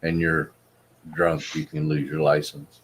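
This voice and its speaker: Man, low voice, easygoing livestream chatter, faint background noise. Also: big pitch swings, a little slow, creaky. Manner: laid-back, laughs often. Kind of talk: casual group chat on a livestream.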